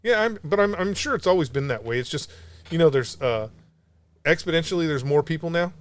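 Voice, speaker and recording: A man with a slightly high voice and a somewhat quick delivery tells an animated story as co-host of a casual podcast. He wanders off on tangents and curses freely throughout.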